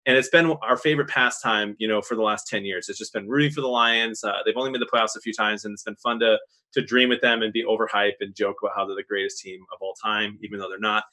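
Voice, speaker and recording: A man cohosting a faith podcast, telling stories with excitement and frequent laughter. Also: fairly low pitch, quick pace. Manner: excited storytelling, laughs often. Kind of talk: casual chat.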